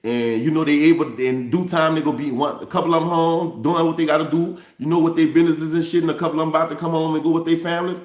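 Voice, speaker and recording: A vlogger from New Orleans speaks straight to his viewers in a candid storytelling monologue, calling them y'all, repeating himself, and restarting phrases. His voice is a little high and fairly even, fast with hardly any pauses, in an echoey room.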